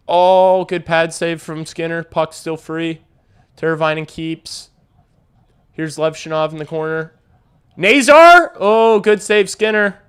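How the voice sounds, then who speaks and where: A man's voice: a little high, fairly bright tone, clean tone. A young man hosting a hockey watch-along stream, calling the play casually, swearing freely and talking to his chat. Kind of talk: casual live play-by-play reaction.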